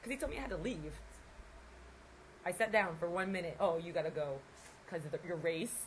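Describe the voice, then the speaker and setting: A woman who works as an exotic dancer, chatting casually and acting out what customers said in animated stories. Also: lowish voice, a little fast, a little hiss or hum, rough recording. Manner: animated storyteller, acts out customers' lines. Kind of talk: casual chat.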